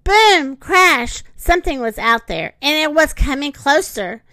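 A woman reading a picture book aloud in an expressive, sing-song way, close to the mic. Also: high-pitched, normal speed, no room sound. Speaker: storyteller.

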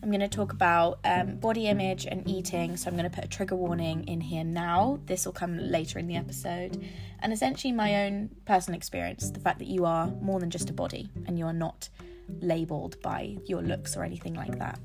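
A woman's voice: on the low side, steady tone, a little fast, over music. A young woman hosting a podcast, talking in a chatty, rambling way and correcting herself as she goes. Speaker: podcast host. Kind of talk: casual podcast monologue.

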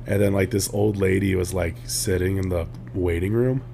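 A man's voice: low-pitched, normal speed, gravelly, a little hiss or hum. A young man co-hosting a podcast, telling stories casually, laughing often and acting out quotes, sounding tired. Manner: laughs often, animated storytelling with voiced quotes. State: tired, drowsy. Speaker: podcast co-host.

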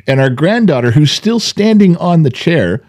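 A man's voice: a little high, normal speed. An older man co-hosting a podcast, telling stories in casual chat and acting out the voices of people in them. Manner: animated storyteller, acts out voices. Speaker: podcast co-host.

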